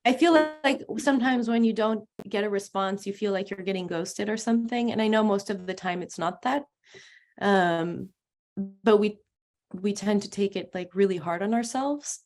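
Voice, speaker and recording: A woman's voice: mid-range voice, moderate pace, a little mellow. A woman journalist being interviewed, talking through her answers with many fillers and restarts. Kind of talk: conversational interview talk.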